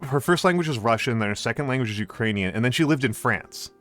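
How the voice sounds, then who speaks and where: Animated man chatting casually. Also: medium pitch, fast talker, soft background music. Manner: rambling, lively, many fillers and restarts. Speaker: streamer host. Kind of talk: casual chat.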